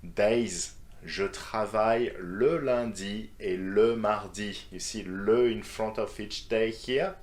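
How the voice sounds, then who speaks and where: A man's voice: on the low side, slow pace. A man teaching French grammar, reading example sentences and then translating them into English. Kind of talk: scripted grammar lesson.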